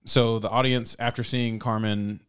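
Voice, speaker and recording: A man's voice: mid-range voice, flat delivery, normal speed, smooth, no echo, clean studio sound. A man hosting a casual movie-review chat who laughs often, swears freely and rambles.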